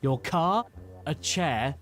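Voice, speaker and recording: A man's voice: on the high side, lively intonation, slow pace, a bit bright. A man narrating a scripted comedy video essay in a dry, sarcastic way full of absurd asides. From United Kingdom.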